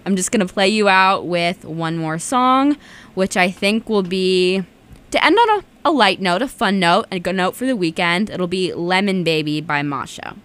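A young woman hosts a late-night radio show, relaxed and chatty, using frequent "um" fillers as she talks and reads a story aloud. Her voice is on the low side and clean, at normal speed.

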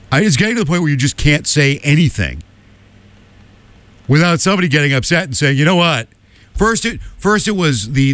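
Male radio talk host, combative and emphatic, very lively pitch, mid-range voice. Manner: combative, emphatic, keeps asking "okay?". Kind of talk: opinion monologue.

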